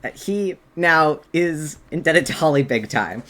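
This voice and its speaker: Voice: mid-range voice, lively intonation, measured pace, a bit bright. A game master running a streamed tabletop game, giggly and loose, swearing casually.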